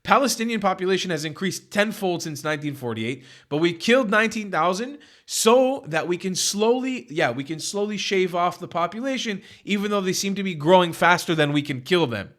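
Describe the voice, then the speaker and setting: A man's voice: high-pitched, lively intonation, brisk, few pauses, fairly bright tone. A man hosting a reaction video, talking emphatically and with exasperation, swearing. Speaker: reaction channel host. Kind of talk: reaction commentary.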